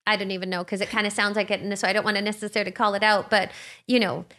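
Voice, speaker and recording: A woman's voice: medium pitch, little pitch movement, very fast, fairly bright tone. A woman co-hosting a podcast, talking reflectively and searching for her words in casual conversation. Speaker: podcast co-host.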